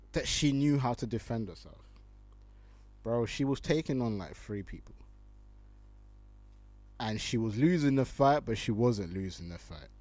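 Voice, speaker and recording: A young man, hosting casual online commentary, slangy and animated, laughing often as he reads tweets. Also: medium pitch, no echo.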